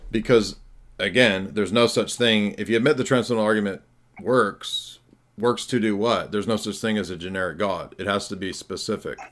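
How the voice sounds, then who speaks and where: A man's voice: fairly low pitch, moderate pace, a bit bright. Combative man pressing hard in a debate. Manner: combative, insulting, relentless questioning. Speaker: host. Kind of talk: heated live-stream debate.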